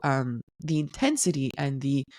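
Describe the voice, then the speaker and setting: A woman hosting a solo podcast, explaining things in a calm, teaching tone. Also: rumbling low, normal speed, no echo, studio quality. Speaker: podcast host.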